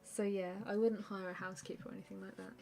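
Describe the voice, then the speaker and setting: A woman, an artist hosting a live stream, chatting casually and answering viewer questions with a relaxed, rambling manner full of fillers. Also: medium pitch, fast, creaky. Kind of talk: casual chat while drawing.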